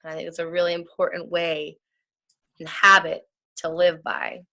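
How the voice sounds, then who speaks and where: A woman in a casual group discussion, calmly giving earnest advice. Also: lowish voice, normal speed. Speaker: discussion participant.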